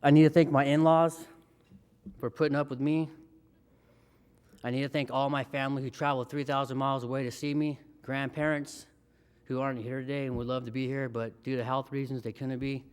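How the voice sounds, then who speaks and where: A man's voice: medium pitch, level tone, brisk, darkish tone, clean tone. A man in his thirties giving a heartfelt, emotional acceptance speech as a hall of fame inductee.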